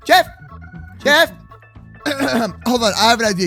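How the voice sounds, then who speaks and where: A man hosting a game role-play, talking in an excitable, shouty, slangy way. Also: extremely high pitch, takes it slowly. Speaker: game roleplay host. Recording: game commentary over faint music.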